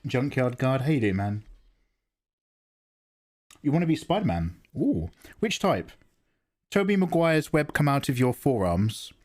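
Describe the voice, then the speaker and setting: A man's voice: medium pitch, very animated, unhurried, pauses often, a little mellow. A man casually chatting on an art livestream, reading out viewer comments and answering them as he draws. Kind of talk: casual livestream chat while drawing.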